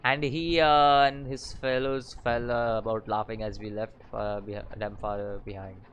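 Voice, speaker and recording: A man playing a story game, mixing casual commentary with halting read-aloud of the game's text, often stumbling and restarting. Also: lowish voice, level tone, a bit bright, highs cut off, slight background noise. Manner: halting reading with frequent fillers and restarts. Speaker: gaming channel host.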